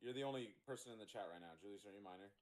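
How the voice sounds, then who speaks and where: A man's voice: on the low side, very fast. A man casually teasing a friend during a live stream. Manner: teasing, needling. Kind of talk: casual chat.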